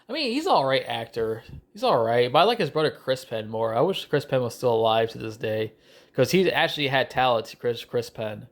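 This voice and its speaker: A man's voice: mid-range voice, big pitch swings, brisk. A man ranting angrily through a video movie review, swearing and repeating himself, with frequent restarts. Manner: angry, profane, repetitive ranting; restarts and stumbles often.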